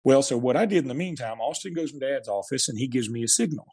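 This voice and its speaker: Husky man in his forties spinning a yarn. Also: medium pitch, fast talker. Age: 40s. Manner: animated storyteller, laughs through his punchlines. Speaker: radio show host telling a story. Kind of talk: casual chat.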